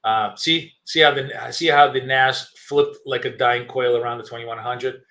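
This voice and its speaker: Bright-voiced man talking through live trades. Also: mid-range voice, fairly even intonation, normal speed. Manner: thinking aloud, many fillers and restarts; chewing gum while talking. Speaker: trading stream host. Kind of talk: live trading commentary.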